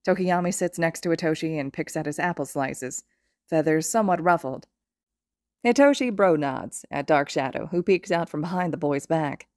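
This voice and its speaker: A woman reading fan fiction aloud as a podfic, with steady, expressive storytelling. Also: deep voice, normal speed, no room sound, clean studio sound. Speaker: podfic reader.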